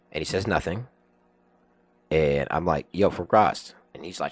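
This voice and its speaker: A young man telling a work story on a podcast in casual chat, cursing freely and swinging from low mutters to loud outbursts. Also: brisk. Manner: animated storyteller, swears a lot, swings from mutters to yelling.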